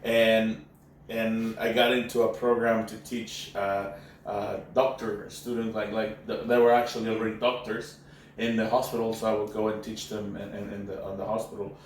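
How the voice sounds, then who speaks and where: A man's voice: on the low side, moderate pace. Mexican man telling a story in an echoey room. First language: Spanish. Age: adult, former university professor. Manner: animated storyteller, loose slangy talk with many "bro"s and restarts. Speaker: podcast host. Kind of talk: casual storytelling chat. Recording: echoey room, distant mic, faint noise.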